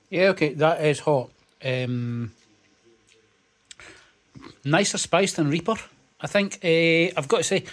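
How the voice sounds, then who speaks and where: A Scottish man narrating his home cooking in a laid-back, casual way, with frequent fillers and swearing. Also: a little high. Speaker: home cook and channel host.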